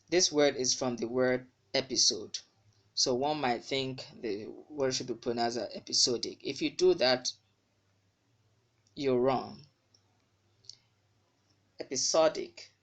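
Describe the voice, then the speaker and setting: Carefully repeating each word so the sounds come through, a man teaches English pronunciation aloud. His voice is medium-pitched with a bit of brightness.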